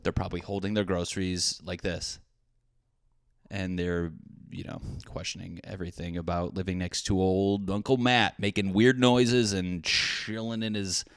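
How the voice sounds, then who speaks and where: A man in his thirties hosting a solo comedy podcast from his hot apartment, animated and swearing with jokey asides. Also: low-pitched, moderate pace, clean tone, no echo, studio quality. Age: 30s. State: sweating in a hot room. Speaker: podcast host. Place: small apartment with windows shut.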